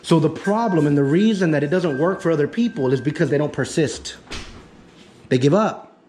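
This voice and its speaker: During an in-home consultation, a male dog trainer with a voice on the high side speaks at normal speed. He teaches emphatically and repetitively, acting out excited praise.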